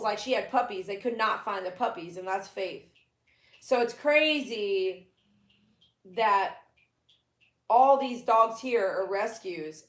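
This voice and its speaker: A woman, a pet groomer chatting casually on a live stream from her living room and cooing at her dogs. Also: reverberant. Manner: chatty, talks to her dogs in a high baby voice. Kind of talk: casual livestream chat.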